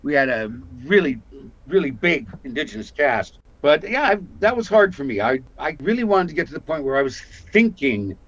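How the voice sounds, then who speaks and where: An older man from Canada tells stories from his acting career, slipping into quoted voices as he goes. His voice sits fairly high for a man. The audio is dull and lo-fi. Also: normal speed. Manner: animated storyteller, acts out quotes. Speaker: guest actor. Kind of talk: casual interview storytelling.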